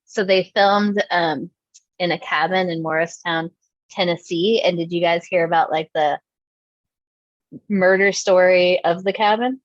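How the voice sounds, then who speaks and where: Female co-host, casual and chatty, low-ish voice, laughs a lot, dry and muffled mic. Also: steady tone, unhurried, no echo. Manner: chatty, laughs often, acts out quotes. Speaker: podcast co-host. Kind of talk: casual chat, storytelling.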